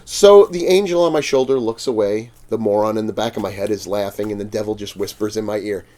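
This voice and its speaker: A man's voice: lowish voice, fast, a little mellow. A man, a podcast guest, telling stories in a casual way, swearing freely and laughing as he acts out the other people in them. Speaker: podcast guest, fang maker. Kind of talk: casual storytelling. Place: podcast studio.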